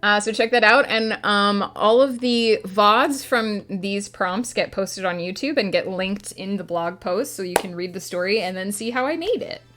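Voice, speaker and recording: A woman's voice: medium pitch, moderate pace, hardly any pauses, fairly bright tone, a little hiss or hum. A woman streaming a writing session, chatting casually with her audience and answering chat between filler words.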